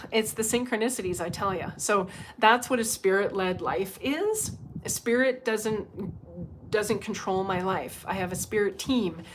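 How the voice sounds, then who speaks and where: A woman hosting a live stream as a medium, talking in a chatty, animated way with asides to her viewers. Her voice sits at an ordinary middle pitch. A faint hiss runs behind her. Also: measured pace. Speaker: psychic medium. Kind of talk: casual livestream talk. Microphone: livestream microphone.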